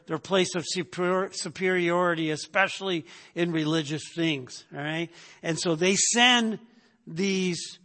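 A man's voice: high voice, fairly bright tone, big-room sound. A man teaching a sermon in a conversational way, often stopping to ask "right?" and repeating words as he goes. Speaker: preacher.

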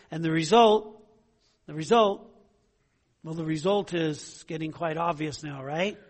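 High-voiced male pastor preaching. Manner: conversational, rhetorical questions, frequent "right?". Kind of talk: sermon.

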